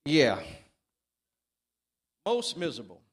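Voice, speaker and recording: A man preaching a sermon, calling on the congregation to answer and building up to shouts. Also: a little high, wildly swooping pitch, slow, breathy edge. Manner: call-and-response preaching, rising to shouts.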